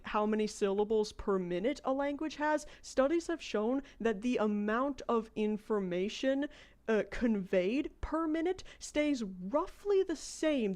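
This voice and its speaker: A chatty American woman on a game livestream, her voice sitting a little high for a woman. She rambles and thinks aloud, explaining her ideas at length between moves in the game. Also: darkish tone. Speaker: game streamer. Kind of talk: casual livestream chat.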